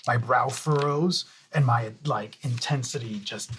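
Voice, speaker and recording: A man's voice: medium pitch, measured pace, a bit bright, a little hiss or hum. Casual man playing a tabletop character. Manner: casual, thinks aloud with fillers. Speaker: player. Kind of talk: describing his character's actions in a tabletop game.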